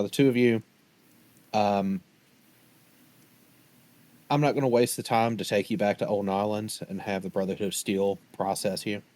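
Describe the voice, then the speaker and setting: A man's voice: on the low side, a little mellow. A man playing a tabletop role-playing game, speaking formally and hesitantly with lots of ums. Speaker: player.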